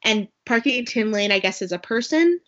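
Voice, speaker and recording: A woman's voice: a little high, expressive, moderate pace, fairly bright tone. Rambling chatty woman, lo-fi. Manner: rambling, many fillers and asides. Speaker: podcast co-host. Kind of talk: casual chat recapping a movie. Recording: dull lo-fi sound.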